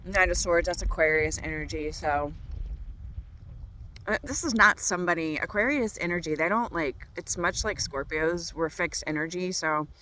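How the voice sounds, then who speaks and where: A woman's voice: lowish voice, moderate pace, pushed and bright, a little hiss or hum, rough recording. A woman tarot reader talking to her viewers outdoors on a walk, bubbly and gushing. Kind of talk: tarot reading vlog outdoors. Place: outdoors on a walk by a golf course.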